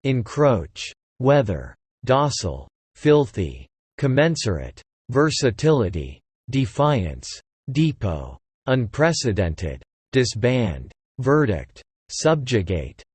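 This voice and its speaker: A man reading a long list of English vocabulary words aloud, one word at a time, slowly and evenly. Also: medium pitch, sing-song, darkish tone, slightly rough, no echo. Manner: reads single words one after another, slowly and evenly. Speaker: vocabulary reader.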